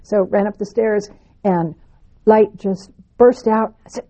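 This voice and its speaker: A woman telling a spiritual personal story in an animated, expressive way, with sweeping phrases. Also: medium pitch, measured pace, muffled recording.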